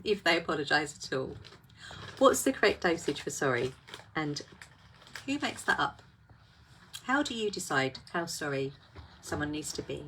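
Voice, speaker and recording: A woman's voice: on the low side, fairly bright tone, a little hiss or hum. A woman hosting a casual live talk, reflective and full of rhetorical questions.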